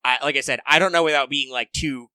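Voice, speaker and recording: A man in casual chat who talks in a thoughtful, measured way, with some hesitation. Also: medium pitch, bright, forceful tone, dry recording.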